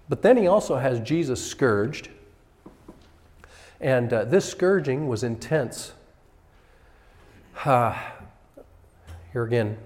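A man's voice: mid-range voice, mellow. A male pastor preaching a sermon in a conversational way, sometimes acting out what people in the story say. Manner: conversational, acts out characters' voices. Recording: hall reverb.

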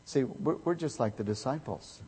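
A man preaching a sermon, emphatic, swinging from loud to quiet. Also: medium pitch, lively intonation, normal speed, slightly rough. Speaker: pastor. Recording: echoey hall with long reverb.

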